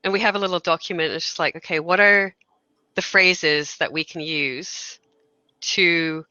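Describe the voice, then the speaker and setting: A woman's voice: lowish voice, unhurried, clean tone, no echo. Frank woman on a muffled call. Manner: frank, animated, acts out quoted remarks. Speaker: guest, game course organizer. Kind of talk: casual panel conversation.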